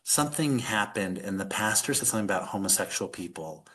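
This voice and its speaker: A man's voice: lowish voice, expressive, brisk, fairly bright tone. A middle-aged man, a podcast guest, telling a personal story in earnest conversation, with many fillers.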